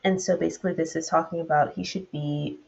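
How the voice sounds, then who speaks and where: A woman's voice: low-pitched, steady tone, fast, creaky, a little mellow, highs cut off. A woman with a Southern US accent teaching a Bible study, retelling the verses and then adding loose commentary of her own.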